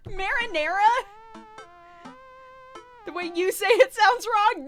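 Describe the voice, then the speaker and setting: A young woman streaming a game in casual chat, animated, laughing often and swearing freely. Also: extremely high pitch, a little slow, faint music behind. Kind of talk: casual live-stream chat while gaming.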